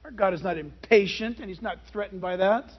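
A man preaching a sermon as a pastor, animated and emphatic, with many rhetorical questions. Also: sits high, a little fast, breathy edge, dull audio.

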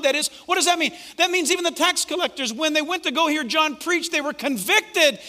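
A male preacher giving an animated, conversational sermon and acting out the quotes he tells. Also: extremely high pitch, fairly quick, few pauses. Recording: echoey hall reverb.

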